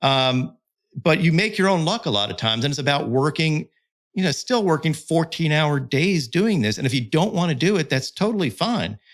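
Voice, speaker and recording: A man's voice: on the high side, animated, normal speed. A middle-aged man talking candidly and emphatically as a podcast guest, with fillers and restarts. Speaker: guest, content creator and pitching analyst. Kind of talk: casual podcast conversation.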